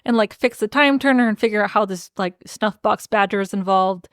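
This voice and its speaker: A young adult woman co-hosting a podcast, chatting casually as she recaps a story, mimicking characters in quick quotes and swearing freely. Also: medium pitch, no echo, studio quality. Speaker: podcast co-host. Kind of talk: casual book-recap chat.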